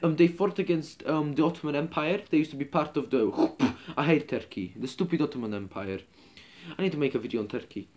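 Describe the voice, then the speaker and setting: A man's voice: brisk, a little mellow. A man ranting in character to his viewers as their host, rambling and hesitant with lots of ums and restarts, and he keeps calling them comrades. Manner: keeps addressing viewers as comrades, dropping low on the word. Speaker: channel host. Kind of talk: in-character comedy rant to camera.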